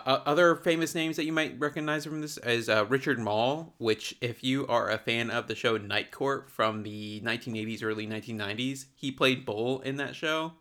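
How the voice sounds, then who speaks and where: A man's voice: mid-range voice, pushed and bright. A man hosting a casual podcast, rambling and sarcastic as he walks through a bad movie, a bit tipsy. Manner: rambling, sarcastic, laughs often. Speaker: podcast host reviewing a movie. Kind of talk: casual chat.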